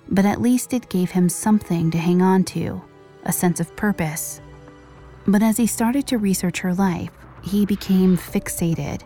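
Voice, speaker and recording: A woman narrating a scripted true-crime story with measured pacing and dramatic pauses. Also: on the low side, warm tone. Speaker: podcast narrator.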